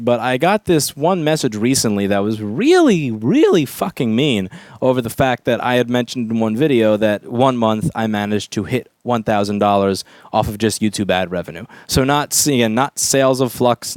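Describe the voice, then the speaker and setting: A man's voice: medium pitch, darkish tone, no room sound. A man who runs a repair shop, giving an emphatic, profane vlog rant. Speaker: repair shop owner and YouTuber. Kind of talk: ranting vlog monologue.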